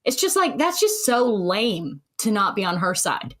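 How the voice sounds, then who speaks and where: A woman's voice: medium pitch, big pitch swings, unhurried, crowd noise. A woman giving opinionated commentary on a panel in a mocking, dismissive way. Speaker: social media commentator.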